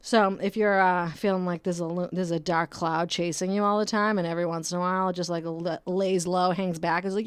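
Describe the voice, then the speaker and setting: A woman's voice: lowish voice, fairly even intonation, fairly quick, few pauses, clean tone, dry recording. A woman in her thirties hosting a casual solo podcast, rambling and self-mocking, laughing often and swearing casually. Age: 30s. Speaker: podcast host.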